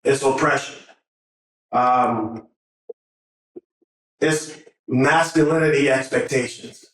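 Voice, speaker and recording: A middle-aged man gives an emotional, earnest talk to a conference audience in a large hall, nervous and often restarting his sentences. His voice is mid-range, steady and a bit bright, and he takes it slowly. The recording is echoey and captured from far off.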